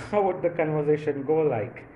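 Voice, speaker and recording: A man's voice: fairly high pitch, lively intonation, moderate pace, roomy sound, lo-fi sound, a little hiss or hum. A man from India doing a rambling stand-up comedy monologue, full of fillers and chuckles at his own jokes.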